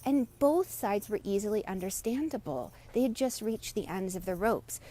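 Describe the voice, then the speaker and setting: A woman's voice: medium pitch, animated, normal speed, dark tone. Woman, middle-aged, meditation coach, live talk, encouraging, acts out voices.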